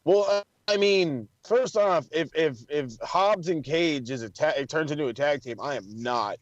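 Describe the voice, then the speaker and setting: Profane, excitable man on a wrestling podcast. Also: fairly high pitch, moderate pace, dry recording, dull audio. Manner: profane, excitable, acts out quotes in funny voices. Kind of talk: casual chat.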